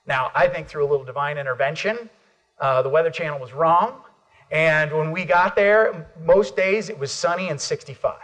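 A middle-aged American man giving an energetic motivational keynote at a conference, calling on the audience for responses. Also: a little high. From United States. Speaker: motivational speaker.

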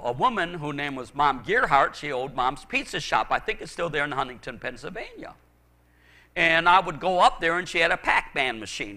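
Older man preaching with fiery force. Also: mid-range voice. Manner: impassioned preaching, swinging from shouts to hushed confession. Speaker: pastor. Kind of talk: sermon.

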